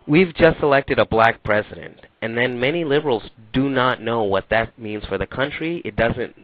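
A man's voice: medium pitch, moderate pace, no echo. A man being interviewed as an author, explaining his views in an articulate way. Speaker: author, guest. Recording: dry tinny phone line.

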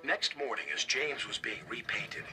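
A man narrating a children's storybook in an expressive storytelling manner. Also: medium pitch, unhurried. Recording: distant voice under loud music.

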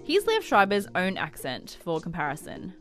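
A woman giving clear, measured scripted narration for a news explainer. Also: lowish voice, huge pitch swings, faint music behind.

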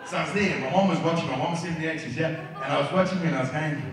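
A man's voice: on the high side, expressive, fast. Man in his fifties, South African accent, profane ranting stand-up, roomy far-off club sound. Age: 50s. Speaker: stand-up comedian. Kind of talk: stand-up set. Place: comedy club stage.

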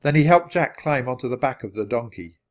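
A man with a voice of middle pitch narrating a children's chapter book. He reads at an even, natural pace and keeps the storytelling clear. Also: a little fast. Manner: steady, clear read-aloud pacing. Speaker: storybook reader.

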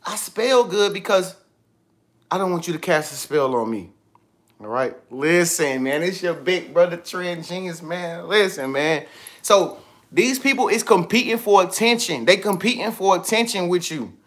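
A man giving casual motivational talk on a livestream, slangy and animated, repeating himself often. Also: high voice. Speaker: vlogger. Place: indoors with TV and iPad.

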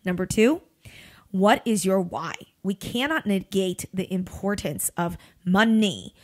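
A woman in her thirties hosting a podcast in a casual motivational monologue, emphatic and blunt, swearing freely with big swings in pitch. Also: animated, a little slow, a little mellow. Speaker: podcast host and recruiter.

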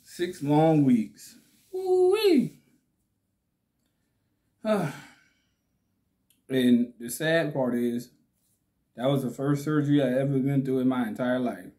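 Slow-talking man with a slight lisp. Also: medium pitch, dark tone. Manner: slow, laid-back, slangy, laughs often. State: slight lisp from swollen cheeks. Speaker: channel host. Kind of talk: casual vlog talk to camera.

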